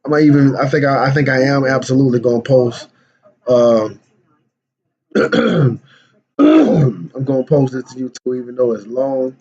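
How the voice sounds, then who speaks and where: Speaking unhurriedly and with animation, a day trader who hosts his own channel walks through the day's trades. His voice is medium in pitch with a darkish tone. He talks in slang, stumbles into repeats and restarts, and remarks that his voice is fading, all on a dull lo-fi recording.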